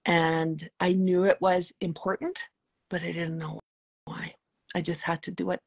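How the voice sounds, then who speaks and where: A middle-aged woman telling a personal spiritual story as an interview guest, earnest and emotional, often dropping to a soft hushed tone. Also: fairly low pitch, level tone, unhurried, gravelly, husky.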